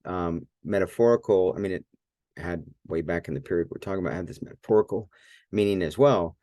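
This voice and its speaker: A man teaching a Greek lesson at a whiteboard, relaxed and thinking aloud, with many fillers and restarts. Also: low-pitched, brisk, dry recording.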